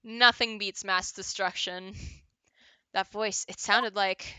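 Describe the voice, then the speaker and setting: A woman's voice: mid-range voice, fairly even intonation, slow, bright, forceful tone, clean tone, faint music behind. A woman streamer chatting casually while playing a game, giggly and swearing now and then.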